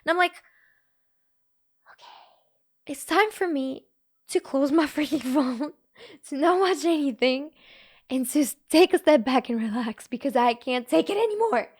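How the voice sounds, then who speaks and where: High-voiced young woman streamer, halting. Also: lively intonation, a little mellow. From Bulgaria. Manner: earnest, halting, emotional. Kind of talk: casual live-stream chat.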